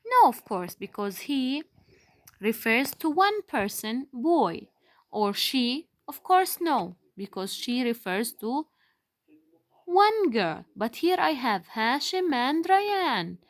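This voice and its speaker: A young woman teacher giving a patient, deliberate lesson to young children, stretching out key words for emphasis. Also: high voice, big pitch swings, no room sound. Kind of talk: slow, deliberate classroom explanation.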